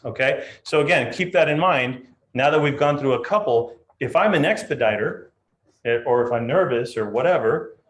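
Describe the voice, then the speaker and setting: A man leading a live real estate training session, talking in a lively way and acting out client voices. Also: mid-range voice.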